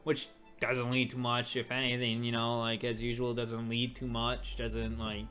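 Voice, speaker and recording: A webtoon reader giving casual, excitable commentary, laughing often and stammering repeats. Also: mid-range voice, measured pace. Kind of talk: casual commentary over a comic. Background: faint background music.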